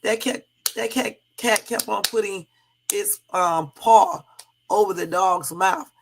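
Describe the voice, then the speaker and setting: A woman's voice: mid-range voice, takes it slowly, creaky, noisy background. Chatty woman hosting a casual livestream. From Southern California. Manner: chatty, laughing, addresses viewers as y'all. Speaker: livestream host.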